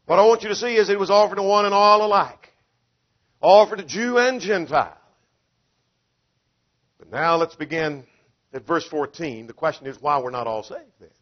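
A man's voice: high-pitched, normal speed, long pauses. A man preaching an expository sermon, emphatic and driven by rhetorical questions, acting out the quoted voices. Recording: dull lo-fi sound.

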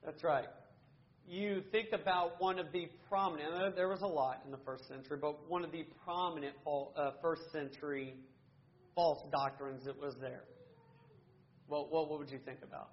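A man's voice: fairly high pitch, steady tone, moderate pace, highs cut off. A man teaching a Bible study class, earnestly asking questions and answering them himself, with frequent restarts.

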